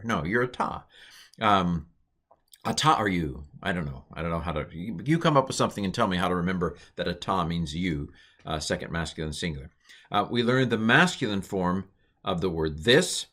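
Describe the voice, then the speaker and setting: A man with a fairly low voice explains grammar in a recorded lesson. His delivery is informal and lively, full of quick asides and restarts, like a teacher talking a class through slides.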